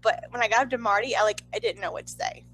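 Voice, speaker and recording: A young woman telling a story in a chatty, excitable way, full of "like.". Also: on the high side, fast, soft background music, low-quality recording. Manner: chatty, excitable, heavy use of "like". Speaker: vlogger. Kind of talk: casual storytelling.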